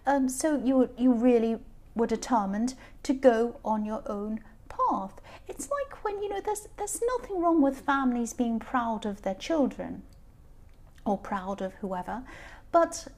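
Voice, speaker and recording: A woman giving a casual tarot reading, talking directly to the viewer in a chatty, rambling way with many fillers and restarts. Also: high voice. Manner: gently reassuring, speaks directly to the viewer. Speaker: tarot reader.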